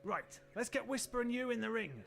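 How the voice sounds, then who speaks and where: A man voicing an older male guild trainer in a video game, brisk, formal and encouraging, over game music. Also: very high voice, creaky, fairly bright tone, heavily acted. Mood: instructive. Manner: formal, instructive. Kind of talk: video game character dialogue.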